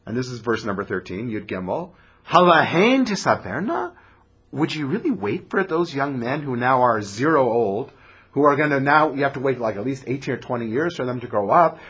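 A man giving a Bible class, reading the Hebrew and translating as he goes. His voice is bright and slightly husky, and it swings up high and falls low as he acts out what the speakers say. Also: moderate pace. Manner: animated, reads Hebrew verses then translates, acts out the speakers with rising pitch. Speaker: Torah teacher.

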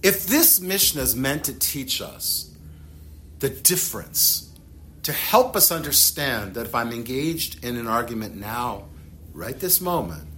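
Animated man teaching with bright voice. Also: mid-range voice, a little hiss or hum. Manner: animated, acts out dialogues with shifting loudness. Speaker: rabbi teaching a text class. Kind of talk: lively classroom teaching.

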